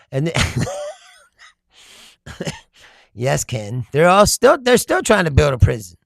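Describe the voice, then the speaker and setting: Gravelly, profane man ranting with laughs. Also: on the high side, big pitch swings, slow, pauses often, no echo, clean studio sound. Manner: profane, laughs often, rambling asides. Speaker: political commentary host. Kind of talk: casual comedic political rant.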